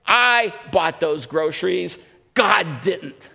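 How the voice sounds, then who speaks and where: A man's voice: high voice, expressive, slow pace, gravelly, big-room sound, full character voice. A man voicing an angry, scoffing male neighbor in a sermon joke. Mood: gloating. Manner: jeering shout.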